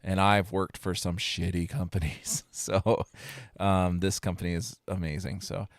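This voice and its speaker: A man's voice: deep voice, flat delivery, measured pace, dry recording, clean studio sound. A man co-hosting a podcast from home, laid-back and casual, laughing often. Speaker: podcast co-host. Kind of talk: casual chat. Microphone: remote home setup.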